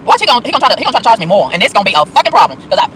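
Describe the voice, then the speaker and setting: A man ranting with animated, profane exasperation on a live stream from his car on city streets, with faint traffic noise behind him. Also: extremely high pitch, rapid-fire, poor audio. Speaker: vlogger. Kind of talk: live-stream rant while driving.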